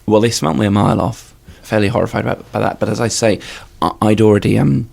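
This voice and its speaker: A young man giving a deadpan, stammering comic interview, repeating words as he goes. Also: fairly low pitch, fast talker, vocal fry. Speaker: comedian guest. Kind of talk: improvised comedy interview.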